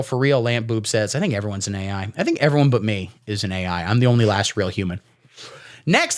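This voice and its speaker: Sarcastic rambling comedian, lively pitch. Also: male voice. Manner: sarcastic, rambling, puts on silly voices for quotes. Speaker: comedy streamer. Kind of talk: satirical commentary reading texts.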